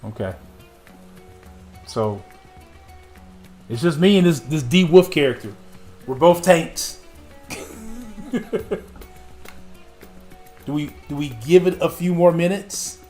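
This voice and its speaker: A man's voice: on the high side, lively intonation, takes it slowly, long pauses, darkish tone, faint music behind. A man livestreaming a game, chatting casually with chat and a friend, often laughing and joking.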